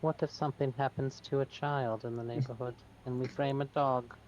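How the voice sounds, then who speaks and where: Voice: medium pitch, flat delivery, normal speed, a little mellow. A tabletop player speaks in character with a dry, mock-sinister scheming tone. The sound is dull and lo-fi, with faint noise underneath. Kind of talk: in-character tabletop role-play.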